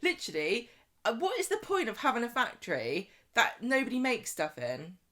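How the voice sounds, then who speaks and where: Animated woman recapping soap plots. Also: a little high, normal speed. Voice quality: laughs often, animated storytelling. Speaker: podcast co-host. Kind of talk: casual soap recap chat.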